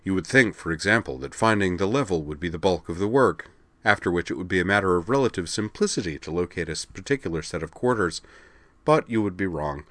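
A man playing a formal male alien, deep voice, quiet measured delivery, storybook reading. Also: lively intonation, no echo. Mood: musing. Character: calm formal alien male, dry and polite.

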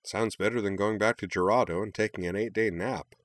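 A man voicing a wry teenage girl student in a storybook reading, speaking a bit higher than his own voice. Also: fairly even intonation, fairly quick, lightly acted.

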